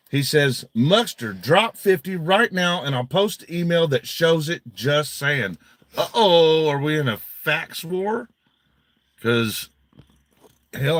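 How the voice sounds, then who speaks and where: A man's voice: a little high, bright, forceful tone, dry recording. A man hosting a casual livestream, blunt and heavily profane, often agitated as he reads viewer donations.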